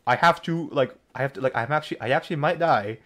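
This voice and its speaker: A young man playing a video game and commenting casually, excitable and laughing often, sometimes reading the game's lines out in silly voices. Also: mid-range voice, fast talker. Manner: excitable, laughs a lot, shouts and mocks game dialogue. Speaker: gaming streamer. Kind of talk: casual let's-play commentary.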